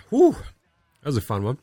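A man's voice: fairly high pitch, wildly swooping pitch, slow, a bit bright, dry recording, clean studio sound. A man hosting a casual sports podcast, ranting and swearing a lot while sick and coughing. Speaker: podcast host.

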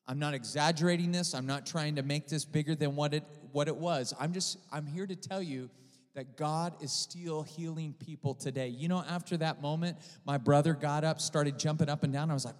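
A man preaching a sermon as pastor, telling a story with swings from loud to hushed. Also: on the high side, normal speed. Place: church sanctuary. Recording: church hall reverb.

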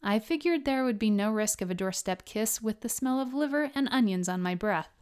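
A woman's voice: mid-range voice, lively intonation, a little fast, darkish tone, clean tone. A woman podcast host narrating her own memoir chapter in an earnest storytelling way, then signing off.

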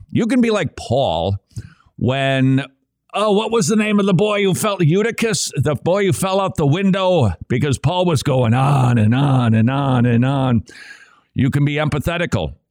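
A man's voice: fairly high pitch, darkish tone, no room sound, clean studio sound. A man co-hosting a conversational religious commentary show, speaking in an emphatic, rhetorical, preacherly way. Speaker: co-host.

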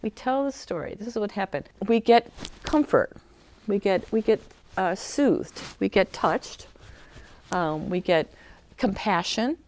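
A woman giving a conversational talk about emotional healing. She speaks with many fillers and restarts, and she sometimes acts out a crying child in a high shout. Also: lively intonation, a little slow, a little hiss or hum. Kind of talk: talk to a small group.

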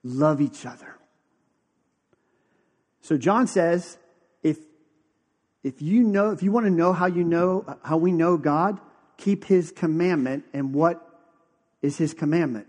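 A man preaching a sermon as pastor, conversational, dropping to a hushed, slow emphasis on key phrases. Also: fairly high pitch, in a large hall.

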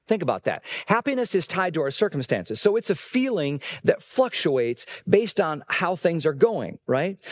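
A man's voice: on the high side, dry recording. Conversational male pastor, dry close sound. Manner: conversational, asks the congregation questions, repeats words. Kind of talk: Christmas sermon.

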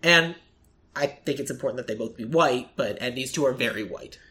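Podcast host rambling about casting, mid pitch, lots of likes and fillers. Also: fairly quick, sharp tone. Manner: rambling, many fillers, acts out quoted lines. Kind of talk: casual chat.

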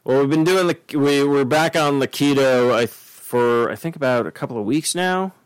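A man's voice: mid-range voice, moderate pace, clear, resonant tone, no echo, poor audio. Dry-voiced chatty man hosting a podcast. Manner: chatty, rambling storyteller. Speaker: podcast host. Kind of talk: casual chat.

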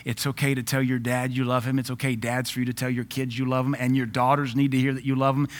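A man in his forties from the United States preaching a sermon as pastor, in a lively, joking way with frequent laughs. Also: medium pitch, quick pace.

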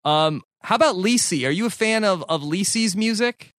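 A man's voice: high voice, moderate pace, no echo. A man hosting a podcast, chatting casually, laughing often and reading out tweets. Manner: laughs often, reads tweets aloud in a flat tone. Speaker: podcast host.

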